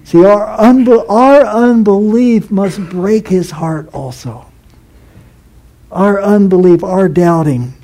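Male pastor preaching, high-pitched and mellow, slow and earnest delivery. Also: rough recording. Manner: earnest, measured preaching with repeated phrases. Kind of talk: sermon.

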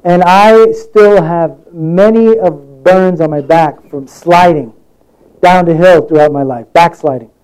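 A man's voice: a little high, measured pace, a little mellow, clear, resonant tone, low-quality recording. A man giving a sermon in a conversational way, telling stories from his own life and acting out the voices in them. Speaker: preacher.

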